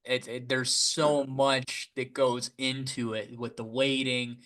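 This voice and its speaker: A man's voice: mid-range voice, flat delivery, takes it slowly, fairly bright tone. A man hosting a fishing podcast, chatting casually and sometimes searching for words. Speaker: podcast host. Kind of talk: casual interview chat.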